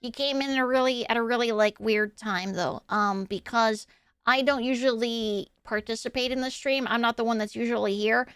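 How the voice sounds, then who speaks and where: A woman voicing a shy, timid young woman who says she lives in the streamer's basement, speaking softly and hesitantly with apologies. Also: a little high, steady tone, moderate pace, clear, resonant tone, no echo. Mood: apologetic. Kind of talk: streamer character bit.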